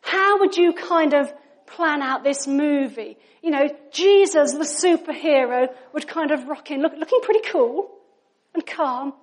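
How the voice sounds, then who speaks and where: A woman's voice: sits high, measured pace. A woman preaching a sermon in a chatty, conversational way, often asking her listeners questions.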